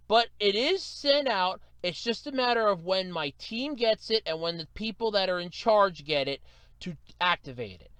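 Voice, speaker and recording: Male solo podcaster, exasperated storyteller; smooth, clear voice, very animated delivery. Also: sits high, normal speed, no echo. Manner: exasperated storytelling, mimics customer service agents. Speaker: podcast host.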